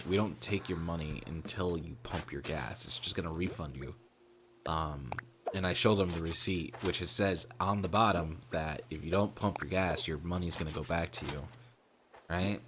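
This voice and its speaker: A man streaming a game, telling a story about a rude customer in a casual, exasperated, profane way. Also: low voice. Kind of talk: casual storytelling while gaming.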